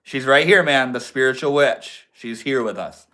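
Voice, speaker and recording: Bright-voiced young livestream host. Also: male voice, mid-range voice, normal speed. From Maine. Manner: slangy, laid-back, chats with and answers viewers. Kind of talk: casual livestream chat.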